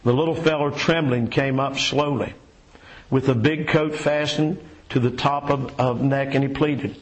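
A man preaching a sermon and reading a story aloud, folksy and unhurried, with many fillers and repeated words. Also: mid-range voice, rough recording.

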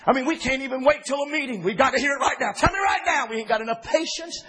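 A man preaching a sermon to his church, fervent, rising to shouts with breathy "uh" pauses. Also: very high voice, expressive, noisy background. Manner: fervent, builds to shouting with 'uh' pauses and 'woo'.

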